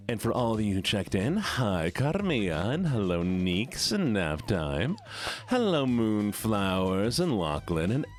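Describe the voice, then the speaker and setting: A man livestreaming, chatting casually and greeting viewers one by one in a playful, teasing way. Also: lowish voice.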